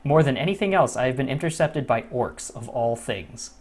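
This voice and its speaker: A man giving casual let's-play commentary as a gaming channel host, swearing freely and moving from low muttering to frustrated outbursts. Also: expressive, normal speed.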